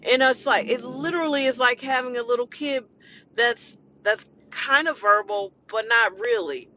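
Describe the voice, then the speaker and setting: Woman host, raw personal rant; blunt and profane, bright edgy tone, dull lo-fi sound. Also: fairly high pitch, moderate pace. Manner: blunt, emotional, profane venting. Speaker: podcast host and family caregiver. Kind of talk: impassioned personal monologue. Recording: dull lo-fi recording.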